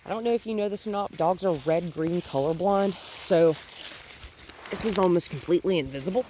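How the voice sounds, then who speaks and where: A young adult woman, a dog trainer, calmly explaining a training session outdoors in a park, mixing in cooing praise for the dog. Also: on the low side, fast talker, a little hiss or hum.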